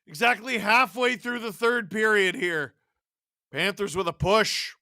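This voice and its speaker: A man's voice: high-pitched, unhurried, no room sound, studio quality. A man hosting a live watch-along stream, calling the game, yelping at big plays and joking with his chat. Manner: excitable, yelps and shouts at big plays; jokey banter with chat. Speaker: streamer and show host.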